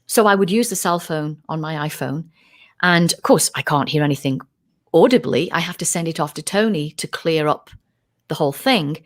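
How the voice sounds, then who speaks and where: A woman's voice: deep voice, moderate pace. Woman guest, middle-aged, earnest storyteller on a podcast. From United Kingdom. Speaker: guest, UFO researcher. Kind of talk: casual podcast interview.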